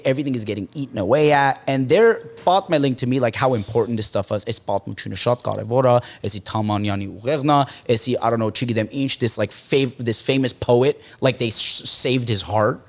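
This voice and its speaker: A man's voice: medium pitch, racing, hardly any pauses. A man in his thirties, a podcast guest, telling a story in casual slang with lots of swearing and bits of Armenian mixed in. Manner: swears freely, slangy, mixes in Armenian phrases. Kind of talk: animated storytelling with quoted voices.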